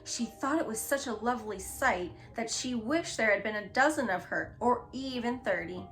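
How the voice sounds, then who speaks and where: A woman reading a children's book aloud in a gentle, expressive storytelling manner. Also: on the high side, normal speed, soft background music. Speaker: storybook reader.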